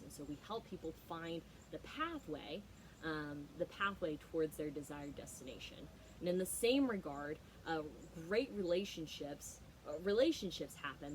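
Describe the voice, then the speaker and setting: A woman's voice: sits low, a little hiss or hum, low-quality recording. A young adult woman, a leadership trainer, giving an emphatic motivational talk with stories and frequent fillers.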